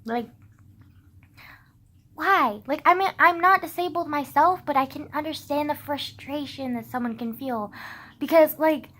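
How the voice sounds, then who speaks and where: A woman's voice: high-pitched, measured pace, long pauses, sharp tone, poor audio. A young woman ranting casually to camera, heated and sarcastic, swearing often and filling her talk with "like". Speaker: vlogger.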